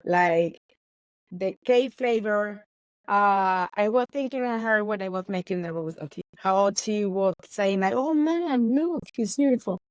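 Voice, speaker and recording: A woman, a baker chatting in an interview, animated and laughing often. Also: mid-range voice, measured pace, smooth, no room sound, rough recording. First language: Spanish. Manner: animated, laughs often, non-native grammar. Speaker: baker and guest. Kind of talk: casual interview chat.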